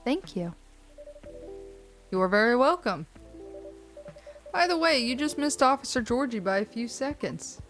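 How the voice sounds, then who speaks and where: Woman voicing a friendly barista, attentive, fairly high voice. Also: animated, unhurried, long pauses, a bit bright, faint music behind. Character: kind café barista serving night guests.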